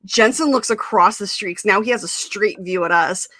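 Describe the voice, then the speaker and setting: A young woman hosts a live-streamed chat and tells a long story in a bright, crisp voice. Her delivery is animated, full of fillers, and broken up by laughter. The sound is dry and close. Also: medium pitch, moderate pace, dry recording. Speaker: host. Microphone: live stream mic.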